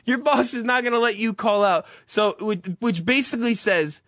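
A man's voice: very high-pitched, moderate pace, fairly bright tone, dry recording, clean studio sound. A man delivering an exasperated, profane comic rant, swearing heavily as he goes.

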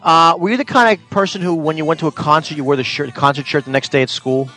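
A man's voice: on the high side, steady tone, fast talker, bright, forceful tone, soft background music. A man in casual chat, asking wry, teasing questions.

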